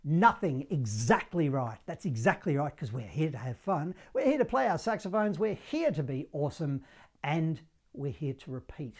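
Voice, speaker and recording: A man's voice: fairly high pitch, very animated, moderate pace. A man with an Australian accent teaching an online saxophone lesson in a jokey, self-deprecating way. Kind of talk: upbeat online music lesson.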